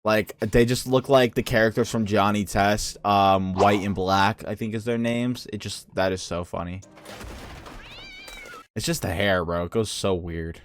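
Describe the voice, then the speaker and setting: A young man hosting a reaction video, talking casually in an excitable, profane, rambling way. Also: lowish voice, measured pace, slight background noise.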